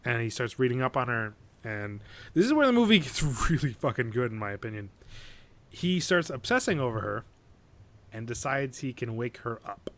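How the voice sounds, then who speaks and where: A man's voice: medium pitch, normal speed. A man on a podcast, talking casually and with energy as he retells a movie, swearing freely and acting out lines from it. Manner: animated, swearing, acts out quoted lines. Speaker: podcast co-host.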